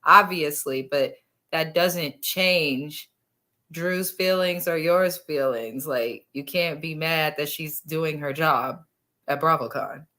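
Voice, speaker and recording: Blunt, slangy woman with a lowish voice. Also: takes it slowly, bright, forceful tone. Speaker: reality TV review host. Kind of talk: casual opinionated chat.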